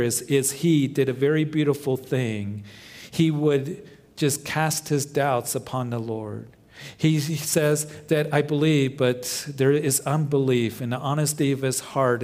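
A man's voice: medium pitch, darkish tone. A man preaching a sermon as pastor, quoting scripture with feeling and letting his voice rise and fall. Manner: impassioned preaching, voice swelling and dropping, quotes scripture dramatically.

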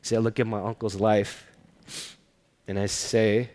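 A man preaching a sermon, telling a personal story earnestly and often dropping to a hushed voice. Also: lowish voice, flat delivery, unhurried. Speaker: pastor. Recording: long reverb of a large hall.

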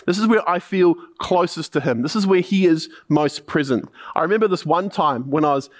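A man's voice: on the high side, fairly quick. New Zealand man preaching a sermon. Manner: storytelling with repeated punchlines, then probing rhetorical questions.

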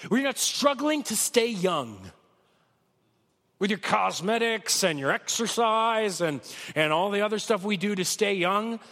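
A man preaching a sermon with a cold, talking conversationally and swinging from loud peaks to soft lows. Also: animated, measured pace, in a large hall. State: has a cold. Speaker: pastor.

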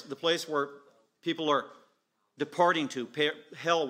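A pastor in full sermon mode, a man whose voice sits a touch higher than most. He hammers his points home in short, emphatic statements that stack one on another. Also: measured pace, sharp tone. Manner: emphatic preaching with repeated short declarations.

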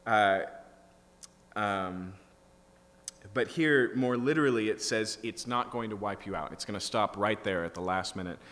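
A man's voice: on the low side, unhurried, fairly bright tone. Man preaching in a reverberant hall. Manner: teaching, rising to emphatic bursts. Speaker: pastor. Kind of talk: expository sermon. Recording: reverberant hall with faint hum.

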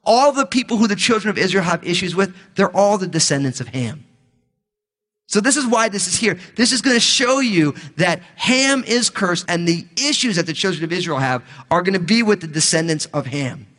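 A man with a high voice leads a casual Bible teaching as pastor. He slips informal, jokey asides in between the passages he reads. His voice rings with the long reverb of a large hall. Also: lively intonation, normal speed, fairly bright tone.

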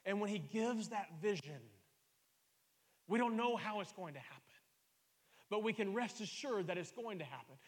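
A man's voice: sits high, animated, normal speed, long pauses, big-room sound. Man preaching with rising emphatic fervor. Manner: rising to loud emphatic preaching, repeating key phrases. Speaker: pastor. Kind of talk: sermon.

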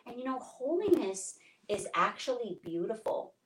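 A woman's voice: a little high, very animated, moderate pace, noisy background. Chatty woman, echoey room. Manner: enthusiastic, affirming, chatty. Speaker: podcast co-host. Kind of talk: casual Christian podcast chat.

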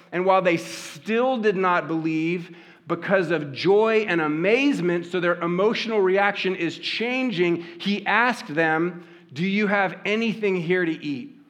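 A pastor preaches in a conversational way, his voice sitting high with a slightly bright quality. He tells stories and poses rhetorical questions to the congregation.

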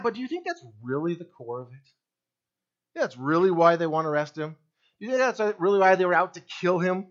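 A man preaching a sermon as pastor, swinging between loud emphatic lines and hushed low ones. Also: dull audio.

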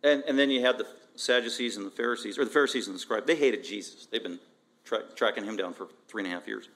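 A man preaching an expository sermon as pastor, emphatic and animated, repeating phrases and asking rhetorical questions. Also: lowish voice, quick pace. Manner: emphatic, animated, with frequent repetition.

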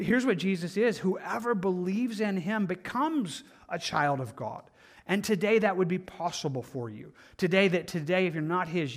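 A man with a high voice delivering a sermon as a pastor. He talks earnestly and conversationally, repeating himself for emphasis and slipping in casual asides.

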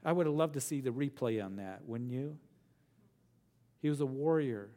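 A middle-aged male pastor teaching a verse-by-verse sermon, earnest, repeating phrases for emphasis and slowing down on key words. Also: medium pitch, expressive, mellow.

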